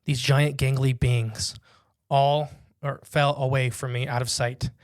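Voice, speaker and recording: A man co-hosting a casual podcast, reading a listener's written story aloud and breaking in with quick jokes and asides. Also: medium pitch, little pitch movement, no room sound, clean studio sound.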